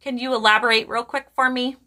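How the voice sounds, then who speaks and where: A woman psychic medium giving live readings to viewers in a chatty, animated way, often breaking into laughter and quick asides to the chat. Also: on the high side.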